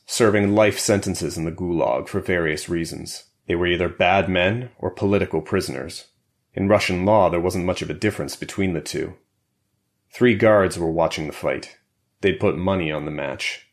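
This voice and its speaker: Deep-voiced male audiobook narrator. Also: steady tone, normal speed. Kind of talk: scripted narration.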